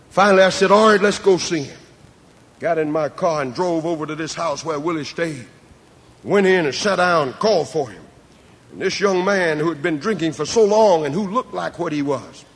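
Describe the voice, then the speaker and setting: A man pastor preaching an evangelistic sermon dramatically, swinging from soft tones to shouting, recorded on cassette in a large hall. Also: high-pitched, creaky, breathy edge.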